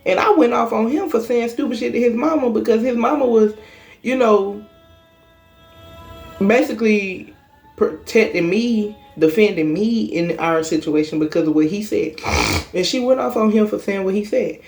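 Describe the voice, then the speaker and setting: A woman's voice: a little high, fairly quick, darkish tone, soft background music. Blunt, profane young woman telling a story. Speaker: vlogger. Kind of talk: casual storytime monologue.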